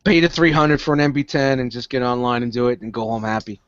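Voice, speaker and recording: A man's voice: mid-range voice, quick pace, a crowd in the background. A man co-hosting a casual collector chat, emphatic and swearing freely, over dull lo-fi stream audio. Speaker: podcast co-host.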